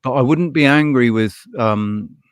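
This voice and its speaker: A man's voice: mid-range voice, a little slow, clear, resonant tone, no echo. A man hosting a livestream, talking casually in a rambling, passionate way, his voice rising when he gets heated. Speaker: live show host.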